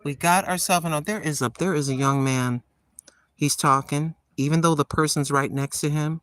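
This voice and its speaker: Chatty, tired grandma with a bright voice. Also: female voice, deep voice, steady tone, moderate pace. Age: older. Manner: chatty, self-talking, calls herself Granny. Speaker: vlogger. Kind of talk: casual chat to viewers. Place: outdoor garden. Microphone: handheld phone camera.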